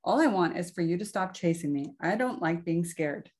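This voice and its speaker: A woman voicing a big, clumsy male dragon who is gentle and apologetic, with a raised, lively delivery as she reads a picture book aloud. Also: lowish voice, moderate pace, lightly acted. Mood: pleading.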